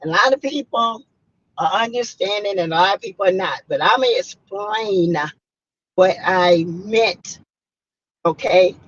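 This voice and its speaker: A hoarse woman, chatting casually and emphatically on a livestream and greeting viewers by name. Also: mid-range voice, a little slow. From South Carolina. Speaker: livestream host. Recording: muffled lo-fi audio.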